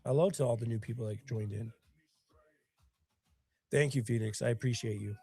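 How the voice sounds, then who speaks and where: A man's voice: mid-range voice, moderate pace, gravelly, dark tone, breathy edge. A man with bronchitis, sniffling as he hosts his own live stream in casual chat. He tells stories earnestly and emotionally, with a lot of rambling.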